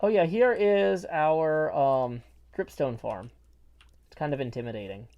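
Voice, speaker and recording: A man's voice: a little high, measured pace, darkish tone. A man chatting playfully while streaming a game, his voice muffled by a mask. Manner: rambling, playful, jokey asides. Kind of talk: casual livestream chat while gaming. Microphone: mask worn over the face.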